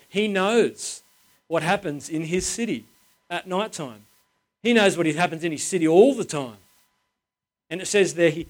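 A man preaching a sermon in an informal, chatty way, driving points home by repeating phrases. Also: fairly high pitch. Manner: emphatic, repeats phrases for stress.

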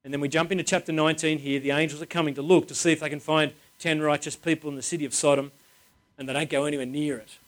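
A man's voice: fairly high pitch, little pitch movement, quick pace. A man preaching a sermon in an informal, chatty way, driving points home by repeating phrases. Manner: emphatic, repeats phrases for stress.

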